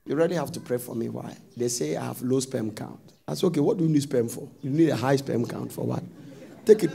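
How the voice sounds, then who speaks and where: A man preaching a sermon, telling stories and rising into sudden loud sung-out phrases. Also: a little high, vocal fry.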